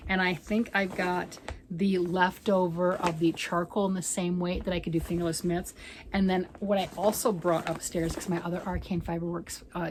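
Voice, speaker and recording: At home, a woman who vlogs about crafting chats casually to her viewers, teasing herself and slipping into whispers and playful outbursts. Her voice is lowish with a darkish tone, and there's a little hiss or hum.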